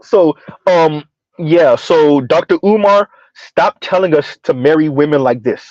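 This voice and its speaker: A man's voice: on the high side, a little slow, darkish tone, no room sound, muffled recording. A man from the US South giving sarcastic, mocking reaction commentary and reading out chat comments. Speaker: commentary streamer.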